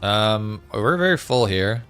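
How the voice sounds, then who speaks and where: A man's voice: on the low side, animated, slow, a bit bright, smooth. A man chatting casually with viewers on a live gaming stream, reading out chat messages with lots of fillers. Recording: faint music behind.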